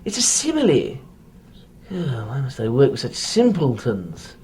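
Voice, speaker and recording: A woman's voice: extremely low pitch, big pitch swings, measured pace, mellow, heavily acted. A woman voicing a pompous, condescending severed head of a male cemetery landlord.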